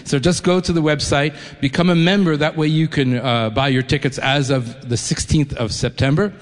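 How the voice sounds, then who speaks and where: A man's voice: a little high, fairly even intonation, normal speed. A man who grew up in New York, speaking enthusiastically and conversationally to a concert audience, with frequent restarts. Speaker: orchestra executive addressing a concert audience. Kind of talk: live speech to an audience. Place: concert hall. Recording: long hall reverb.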